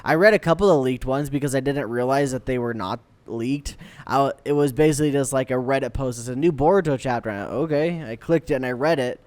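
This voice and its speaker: A man's voice: medium pitch, fairly quick, hardly any pauses, clear, resonant tone, dry recording. A man co-hosting an anime podcast in casual chat, rambling and correcting himself, laughing as he goes. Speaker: podcast co-host.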